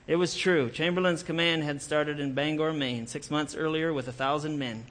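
Male storyteller, earnest, dramatic narration, slightly high pitch. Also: fairly even intonation, normal speed, fairly bright tone. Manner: earnest, with occasional self-corrections.

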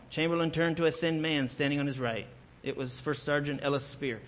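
Speaking a little fast in a slightly high, somewhat bright voice with fairly even intonation, a man narrates a historical war story. He tells it earnestly and dramatically, now and then correcting himself.

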